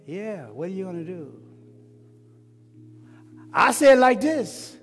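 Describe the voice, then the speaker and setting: A man's voice: sits high, big pitch swings, slow, pauses often. A male pastor, preaching a sermon in repeated rising questions that swell and fall. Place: church sanctuary. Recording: long church reverb with music. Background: instrumental music.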